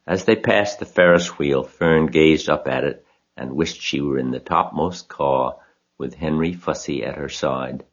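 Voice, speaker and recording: Deep-voiced male storybook narrator. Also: unhurried, muffled recording. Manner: steady, expressive reading.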